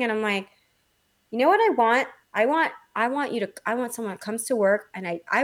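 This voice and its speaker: A woman on a casual podcast chat, blunt and profane, telling animated stories about her employees. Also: medium pitch. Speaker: podcast co-host, salon owner.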